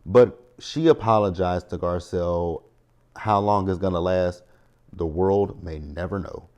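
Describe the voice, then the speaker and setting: Deep, darkish, and a little slow, this thirty-something TV recap host addresses his audience head-on. He runs through a reality show in a talkative, strongly opinionated way.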